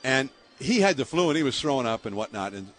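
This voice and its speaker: Telling stories in an interview, an older man who broadcasts baseball in the San Francisco Bay Area talks at a quick pace with a medium-pitched voice. His anecdotes are lively, broken up by frequent laughter and plenty of fillers.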